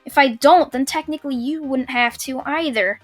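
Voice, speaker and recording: A cocky young teenage hero, voiced by a young woman narrating a fan story, talking with smug, teasing confidence. The voice stays high and plain, close to the narrator's own. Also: moderate pace, faint music behind, close to an everyday voice.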